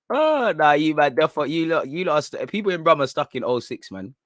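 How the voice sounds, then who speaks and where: A man's voice: a little high, very animated, a little fast, no echo, clean studio sound. Bantering young man. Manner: banters with viewers, laughs often, street slang. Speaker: football channel host. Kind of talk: casual livestream chat.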